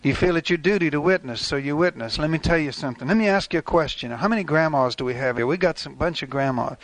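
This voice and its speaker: An older pastor preaches a sermon in a folksy, conversational manner, acting out little asides. His voice is fairly high and quick, with no echo.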